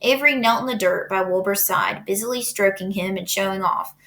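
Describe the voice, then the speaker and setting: A woman's voice: mid-range voice, a little fast, fairly bright tone. A woman teacher reading a children's book aloud, casual and chatty, with fillers. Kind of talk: storybook read-aloud.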